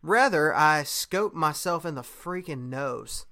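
A man's voice: on the high side, lively intonation, takes it slowly, sharp tone. A young man in casual chat, a podcast host telling a story in a laid-back way, with lots of fillers and laughter.

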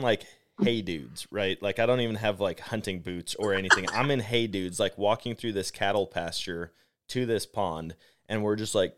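A man with a very low, deep voice tells a story on a podcast mic, chatty and animated. He leans on "like" as a filler and keeps the telling casual. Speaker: podcast host.

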